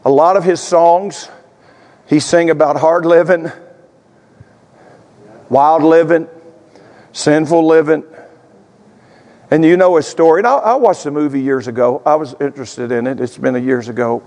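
High-voiced pastor in a reverberant sanctuary. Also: male voice, moderate pace, long pauses. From Tennessee, US. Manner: folksy asides that build to fervent, shouted prayer. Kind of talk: sermon. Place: church sanctuary with stage lights. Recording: long reverb of a large sanctuary.

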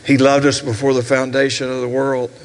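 A man in his sixties with a Southern US accent, preaching a sermon as pastor with shouted, rhythmic repetitions and asides to the congregation. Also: mid-range voice, completely flat delivery, brisk, long reverb tail, a little hiss or hum. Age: 60s. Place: church sanctuary.

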